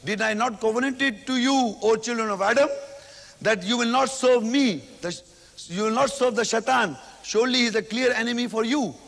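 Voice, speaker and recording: High-voiced male lecturer in a reverberant hall. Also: gravelly, fairly bright tone. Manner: repetitive, explains each verse slowly, recites Arabic then translates. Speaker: Islamic lecturer. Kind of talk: religious lecture.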